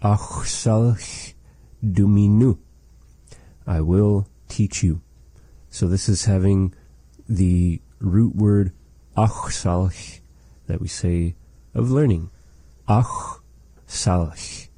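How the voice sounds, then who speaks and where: A man's voice: sits low, steady tone, takes it slowly, warm tone, husky, no room sound. A man teaching a language lesson, patiently repeating words for practice. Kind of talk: language lesson with repetition drills.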